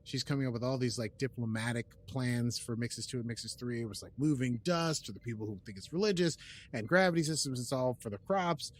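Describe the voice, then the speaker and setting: Rambling man recapping a show. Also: mid-range voice. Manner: rambling, with frequent fillers and restarts; plays out characters' lines in quick quoted asides. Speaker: podcast host. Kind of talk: casual episode recap.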